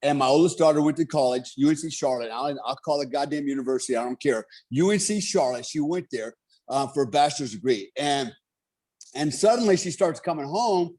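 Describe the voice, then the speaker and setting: A man's voice: fairly high pitch, animated, a little fast, darkish tone. A middle-aged man telling stories as a guest in a casual podcast chat, blunt, profane and emphatic.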